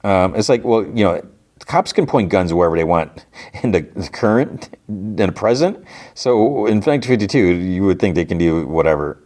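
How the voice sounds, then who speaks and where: Deep-voiced man rambling through a recap. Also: expressive, moderate pace, a little mellow. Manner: rambling, many fillers and restarts. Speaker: podcast host. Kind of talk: casual episode recap.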